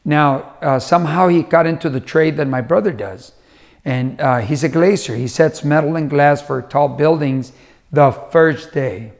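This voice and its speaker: A middle-aged man giving a motivational talk, with a gravelly, slightly high voice. He tells stories in a loose, conversational way and slips into the voices of the people he quotes. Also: measured pace. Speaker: motivational speaker.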